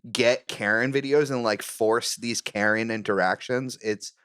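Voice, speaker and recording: A man joining a podcast as a guest, giving quick, emphatic opinions with some swearing in casual chat. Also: medium pitch, fairly even intonation, a bit bright, smooth, no echo, studio quality. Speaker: guest joining by video call.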